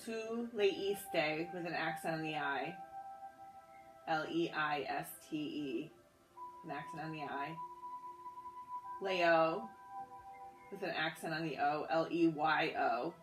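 A woman with a low voice leads a guided-notes grammar lesson. She spells words out one letter at a time, patient and methodical, with the odd "um" and self-correction. Faint music plays quietly behind her. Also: takes it slowly, long pauses, low-quality recording. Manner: relaxed with fillers and self-corrections. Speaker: Spanish teacher.

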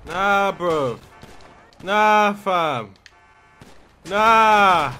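An excitable man commentates his own game. His high, bright voice comes in slow, drawn-out bursts between yells and curses at other players. Faint music sits behind him. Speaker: gaming YouTuber. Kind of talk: gameplay commentary.

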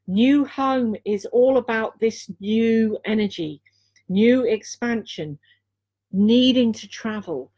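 A woman from Dorset, England, giving a live intuitive card reading as a healer, speaking earnestly and repeating key phrases between filler pauses. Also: a little high, mellow.

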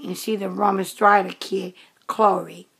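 Late 50s lady vlogging, rambly, lots of ums, a bit of vocal fry. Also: medium pitch, level tone, a bit bright. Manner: rambling, unhurried, with many fillers and restarts. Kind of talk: casual chat to camera.

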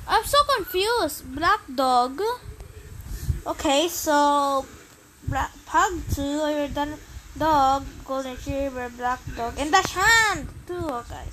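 A woman's voice: high-pitched, slow pace, a bit bright, slight background noise, low-quality recording. A young woman chatting to herself while playing a game, easily flustered and apologetic. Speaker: game streamer. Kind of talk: casual gameplay commentary.

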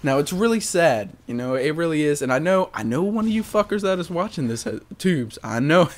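A man's voice: fairly high pitch, animated, a little fast. Profane, joking young gamer man. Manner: candid, profane, joking, self-mocking. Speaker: gaming commentator. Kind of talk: casual voice-over commentary on gameplay.

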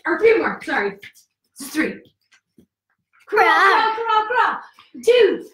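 A woman's voice: very high voice, big pitch swings, slow pace, a bit bright. A woman teaching a yoga class for kids, coaxing and cheerful, counting moves aloud and a little out of breath. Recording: echoey room, voice from far off.

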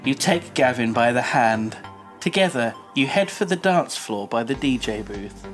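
A man's voice: medium pitch, lively intonation, a little slow, faint music behind. Playful man reading a game. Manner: playful, jokey, slips into hushed mock-ASMR narration. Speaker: let's play host. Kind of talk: reading a story game aloud with commentary.

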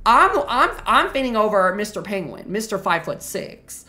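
A woman's voice: mid-range voice, very animated, moderate pace, bright, forceful tone. A woman streamer commenting on gameplay live, reacting to chat with slang and swearing.

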